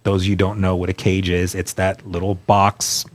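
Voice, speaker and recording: Appearing as a guest on a radio show, a middle-aged man earnestly recounts his life story in a conversational way. His voice is deep and monotone at a moderate pace, and when emotion rises he stumbles over repeated words and acts out what other people said.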